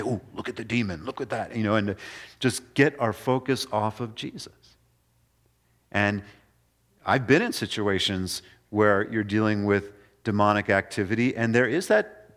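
A man preaching a sermon in an earnest way, going from quiet passages to emphatic ones. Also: fairly low pitch. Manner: earnest, swings between soft and emphatic.

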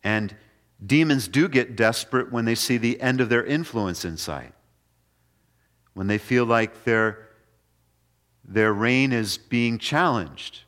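A man preaching a sermon in an earnest way, going from quiet passages to emphatic ones. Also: medium pitch, animated, slow, long pauses. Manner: earnest, swings between soft and emphatic.

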